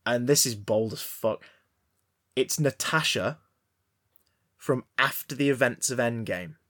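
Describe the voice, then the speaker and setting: A man co-hosting a casual film podcast, rambling with stammered restarts and deadpan jokes. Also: medium pitch, measured pace. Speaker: podcast co-host. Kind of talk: casual banter about films.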